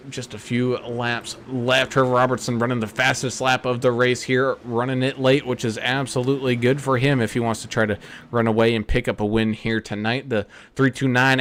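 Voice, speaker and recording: A man calling play-by-play for an online truck race, brisk and full of fillers. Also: mid-range voice, fairly bright tone. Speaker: lead commentator. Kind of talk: sim racing play-by-play commentary.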